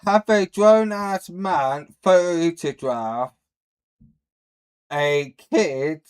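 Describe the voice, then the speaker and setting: A man's voice: on the high side, extremely slow, clean tone. A man giving casual, crude reaction commentary as a streamer. He rambles and laughs at his own slips.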